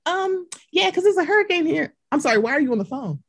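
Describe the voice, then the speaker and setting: A woman in her forties with a husky voice, chatting casually and acting out quotes as she tells stories. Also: very high-pitched, brisk, slight background noise. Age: 40s. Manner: animated storyteller, acts out quotes. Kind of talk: casual chat.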